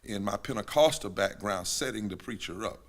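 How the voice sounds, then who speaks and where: A man preaching a sermon at a synagogue gathering, rhythmic and repetitive, building to shouted climaxes. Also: lowish voice, lively intonation, moderate pace, very noisy. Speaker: pastor.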